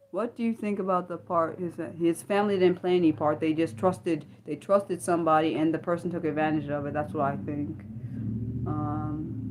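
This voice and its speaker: An American woman hosting an unscripted livestream, chatting in a rambling, animated way with many fillers and restarts. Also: fairly low pitch. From Maryland, United States. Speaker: livestream host. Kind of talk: unscripted livestream chat, answering viewers.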